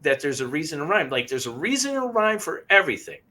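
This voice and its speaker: A man hosting a podcast tells a personal story, restarting his sentences and getting emotional. His voice is bright and sits a little high for a man. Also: big pitch swings. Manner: emotional, halting, repeats words. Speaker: podcast co-host. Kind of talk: casual storytelling.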